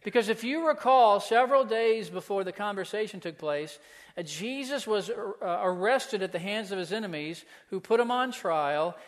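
A man's voice: high voice, animated, moderate pace. A man preaching a sermon as pastor, earnest, asking the listeners pointed questions. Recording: long hall reverb.

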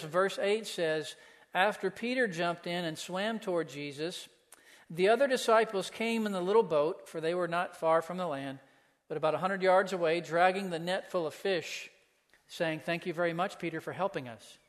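A man's voice: high-pitched, moderate pace. A man preaching a sermon as pastor, earnest, asking the listeners pointed questions. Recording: long hall reverb.

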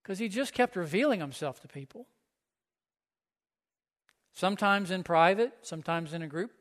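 A man's voice: high-pitched, lively intonation, normal speed, fairly bright tone. A man pastor preaching a sermon in a church, conversational and often asking the listeners questions. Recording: echoey hall.

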